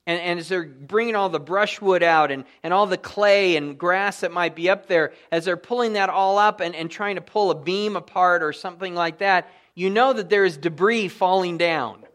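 A man preaching a sermon as pastor, telling the story with animated emphasis and sudden drops to a hushed voice. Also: high voice.

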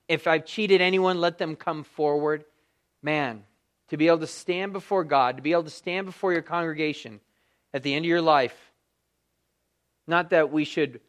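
A man's voice: fairly high pitch, a bit bright. A man, a pastor, teaching verse by verse through a Bible passage in a conversational way, thinking aloud with fillers and restarts.

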